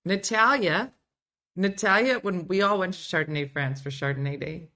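A woman's voice: lowish voice, moderate pace, pushed and bright. A middle-aged woman hosting a casual show, chatting and giggling as she reads viewer comments aloud. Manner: giggly, chatty, breaks into playful put-on voices. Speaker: show host. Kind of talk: casual live chat reading viewer comments.

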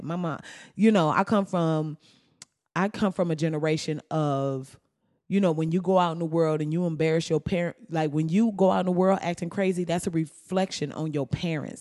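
Brief: outspoken woman host, animated and profane, dry close sound. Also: fairly low pitch, dry recording. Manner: profane, animated storytelling with mimicry. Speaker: podcast host. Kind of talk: casual commentary.

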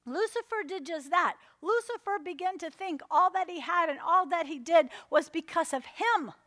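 A woman's voice: very high voice, normal speed, bright, forceful tone, no echo, studio quality. A woman preaching a sermon, telling stories and acting out her own inner voices, checking in with "amen?" as she goes.

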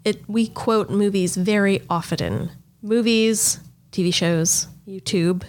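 A woman co-hosting a podcast in casual chat, chatty and quick to laugh. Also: mid-range voice, a little mellow. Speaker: podcast co-host.

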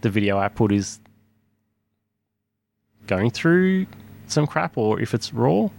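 A man's voice: mid-range voice, sing-song, slow, creaky, a little mellow. A man talking casually about retro arcade hardware in a podcast conversation, rambling with restarts and frequent laughs. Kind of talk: casual chat.

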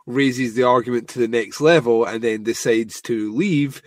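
A man's voice: mid-range voice, moderate pace, no room sound, clean studio sound. A man co-hosting a podcast, joking wryly and often laughing as he talks about a TV episode. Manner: wry, jokey commentary, laughs often. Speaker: podcast co-host. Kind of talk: casual chat recapping a TV episode.

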